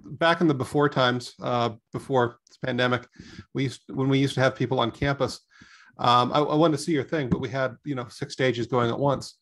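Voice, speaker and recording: A man's voice: mid-range voice, fairly even intonation, moderate pace, fairly bright tone. A man hosting a call, introducing the guest in a rambling, hesitant way. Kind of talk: casual introduction.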